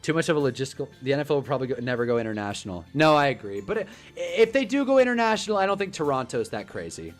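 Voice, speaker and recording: A young man hosting a casual football livestream, animated and rambling, joking as he reacts to chat. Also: medium pitch, soft background music. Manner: animated, rambling, quick to joke.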